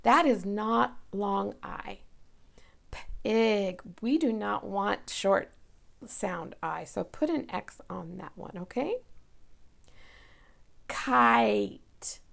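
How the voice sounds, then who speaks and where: A woman teacher talking young children through a recorded lesson, slowly and patiently, stretching out each sound. Her voice carries a strong gravelly fry, and she keeps an unhurried pace throughout. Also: mid-range voice, animated.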